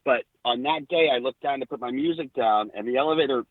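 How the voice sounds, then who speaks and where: A middle-aged man, a podcast guest, telling lively backstage stories with quoted dialogue. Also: mid-range voice, quick pace, no echo. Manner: animated anecdotes with quoted dialogue. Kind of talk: casual storytelling. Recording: tinny phone-like line.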